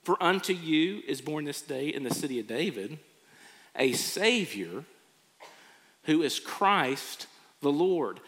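A man preaches in an earnest, storytelling way, now and then acting out how people react. His voice sits a little high and sounds bright and forceful. A long reverb trails each phrase, like a big church hall. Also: big pitch swings, takes it slowly, pauses often. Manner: earnest, acts out quoted reactions. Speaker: pastor. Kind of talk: sermon.

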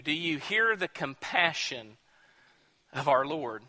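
Preacher with a bright, ringing voice. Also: male voice, fairly high pitch, animated, slow pace. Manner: dramatic, swings from hushed to loud emphatic bursts. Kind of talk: sermon. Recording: long hall reverb.

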